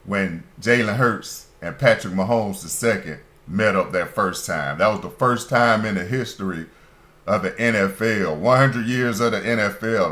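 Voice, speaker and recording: A man's voice: lowish voice, fairly bright tone. A man hosting a sports talk radio show, delivering an opinionated monologue that turns emphatic and indignant. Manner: emphatic, rising to heated indignation.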